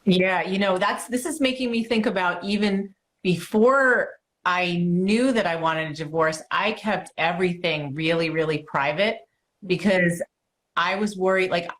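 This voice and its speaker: A woman's voice: fairly low pitch, unhurried, fairly bright tone. A woman hosting a podcast interview, talking in a conversational, affirming way and sharing personal stories. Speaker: podcast host.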